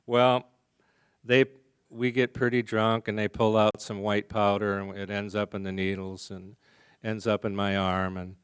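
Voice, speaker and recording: Mellow soft-spoken man telling a story. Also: lowish voice, little pitch movement, a little slow, smooth, dry recording, studio quality. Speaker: recovery meeting speaker. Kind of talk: storytelling talk to an audience. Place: conference hall before a live audience.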